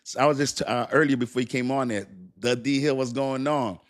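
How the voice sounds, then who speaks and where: A man's voice: medium pitch, fairly even intonation, fairly quick. A man hosting a casual crypto live stream, chatty and repetitive, often thanking his viewers. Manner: chatty, repeats himself, thanks viewers warmly.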